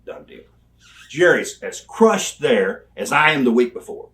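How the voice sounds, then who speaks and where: A man's voice: medium pitch, a little slow. An older man, an interview guest, telling rambling stories and acting out the people in them. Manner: rambling, animated, acts out quoted people. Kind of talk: storytelling. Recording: voice somewhat distant from mic.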